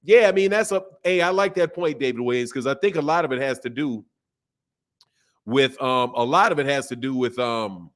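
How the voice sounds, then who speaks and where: A man's voice: mid-range voice, normal speed, a bit bright. A man hosting a boxing livestream, talking loosely and casually in slang with frequent restarts while reading out viewer chats. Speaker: boxing channel host.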